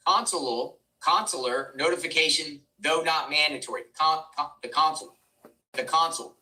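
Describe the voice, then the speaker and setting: A man hosting a live news stream, reading courtroom updates aloud, halting and stumbling over words with excitable asides. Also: on the high side. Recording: distant mic with faint background noise.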